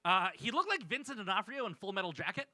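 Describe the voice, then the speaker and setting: A man's voice: high-pitched, big pitch swings, fast talker, sharp tone, rough recording. A man doing a wry, self-deprecating stand-up set on a small club stage into a stage mic. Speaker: stand-up comedian.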